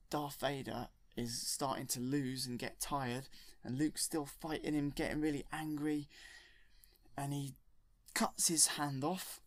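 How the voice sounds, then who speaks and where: Rambling storyteller, gravelly edge, dry close sound. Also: male voice, mid-range voice, no room sound. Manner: rambling and enthusiastic, with self-corrections. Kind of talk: retelling a film from memory.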